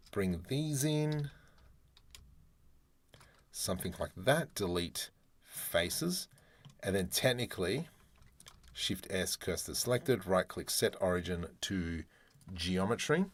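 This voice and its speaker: Slow, low-voiced Australian man. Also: expressive. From Australia (Adelaide). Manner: chatty, joking, talks to himself while working. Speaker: 3D artist streamer. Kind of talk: live-streamed modeling tutorial.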